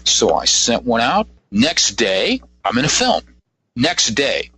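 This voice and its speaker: A man's voice: medium pitch, wildly swooping pitch, slow, bright, forceful tone, husky, no echo, low-quality recording. A man in his fifties, a guest psychic, telling rambling anecdotes in a casual radio interview and acting out quotes as he goes. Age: 50s.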